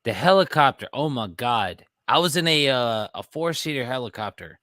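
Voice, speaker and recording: A man's voice: medium pitch, lively intonation, moderate pace, bright, forceful tone, no room sound, studio quality. A man co-hosting a podcast, telling stories in a laid-back casual chat. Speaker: podcast co-host.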